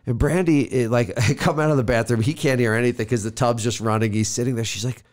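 A man's voice: mid-range voice, fairly even intonation, fast. Male podcast co-host, mid-range voice, loose profane storyteller who mimics the people he quotes. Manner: storytelling, acting out quoted people, swearing freely. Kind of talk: casual chat.

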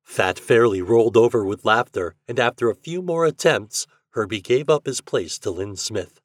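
A man's voice: lowish voice, moderate pace, no room sound, studio quality. A man hosting a podcast, reading a children's story aloud and acting out the characters. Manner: expressive, acts out the characters. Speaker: podcast host and reader.

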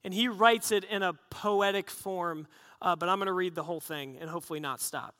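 High-voiced preacher, hall reverb. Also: male voice, a little fast. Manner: animated storytelling with self-deprecating humor. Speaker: pastor. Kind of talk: sermon.

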